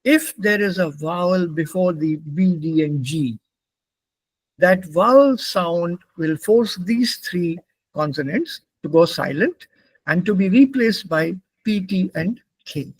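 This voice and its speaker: A man's voice: high-pitched, expressive, takes it slowly, slightly rough, no room sound. A middle-aged man, patiently explaining German pronunciation rules to a class step by step.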